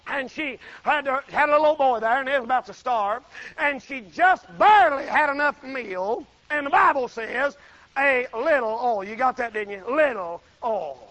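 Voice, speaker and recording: High-voiced fiery preacher. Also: male voice, lively intonation, normal speed, rough recording. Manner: folksy, shouting bursts, dramatic quoted voices. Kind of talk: sermon.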